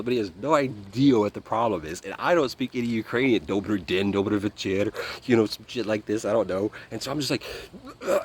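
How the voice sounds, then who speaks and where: A man with a fairly low voice tells a story as an interview guest. He talks casually and with a lot of energy, acting out what people said and swearing freely. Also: a little hiss or hum. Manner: animated, acts out quotes, swears freely.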